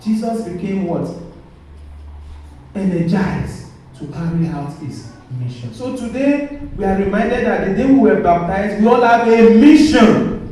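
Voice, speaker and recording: High-voiced priest in an echoey church. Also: male voice, expressive, unhurried, warm tone, far from the mic, slight background noise. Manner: call-and-response questioning of the congregation. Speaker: Catholic priest. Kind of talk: sermon.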